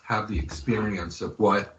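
A man joining a radio chat as co-taster, soft-spoken and appreciative. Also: lowish voice, fairly even intonation, a little slow, muffled recording, a little hiss or hum. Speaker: guest co-taster, host's husband. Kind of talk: casual chat.

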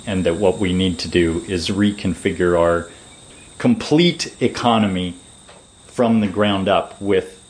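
A man giving long, measured, lecturing answers as a permaculture designer in an interview. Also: deep voice, slight background noise, poor audio.

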